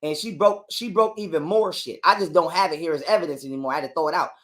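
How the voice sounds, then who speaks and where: A man telling a long story in a casual interview, animated and full of cursing and repetition. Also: on the high side, fast talker. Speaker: guest telling his story.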